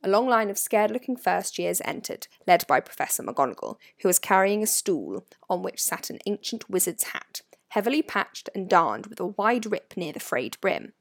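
Brief: female audiobook narrator, lively expressive pitch, dry close-mic studio sound. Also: moderate pace, creaky, few pauses, no room sound. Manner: expressive, varied reading. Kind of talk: storybook narration.

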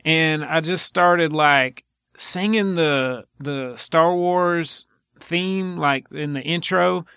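A man hosting a podcast in casual chat, telling rambling, drawn-out stories. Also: fairly high pitch, pushed and bright, smooth, no echo, studio quality. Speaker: podcast host.

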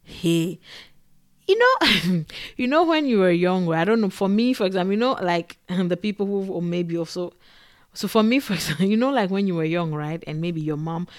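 A woman talking casually to camera as a vlogger, animated and digressive, full of fillers and quick laughs. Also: lowish voice, no echo, clean studio sound. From Africa. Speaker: vlogger and podcaster.

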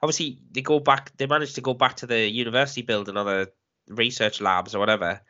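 A man's voice: medium pitch, quick pace. A man co-hosting a podcast, talking animatedly about a film and laughing often. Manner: animated, laughs often, acts out quoted lines. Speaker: podcast co-host. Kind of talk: casual film chat. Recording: dull, slightly muffled podcast audio.

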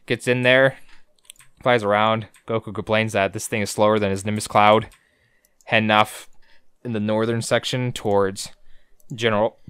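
A man's voice: on the low side, a bit bright, clear, resonant tone, no echo. A man co-hosting a podcast, recapping episodes in a joking, profane, rambling way. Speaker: podcast co-host. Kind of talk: casual recap chat.

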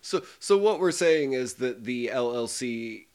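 A man's voice: medium pitch, lively intonation, unhurried, a little mellow. A man co-hosting a podcast in casual chat, wry and joking, with some swearing. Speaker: podcast co-host.

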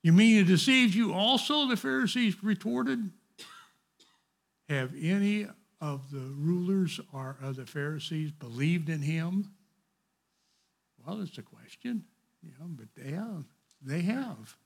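A man's voice: fairly high pitch, lively intonation, takes it slowly, creaky, long pauses, husky. A man leading an informal Bible study, reading passages aloud and adding digressive, conversational commentary.

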